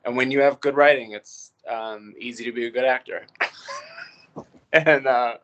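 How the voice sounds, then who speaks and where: A man in his forties, a guest on a casual podcast, talking relaxed and joking with many fillers. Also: mid-range voice, normal speed, lo-fi sound, noisy background. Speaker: actor, guest. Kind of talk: casual interview chat.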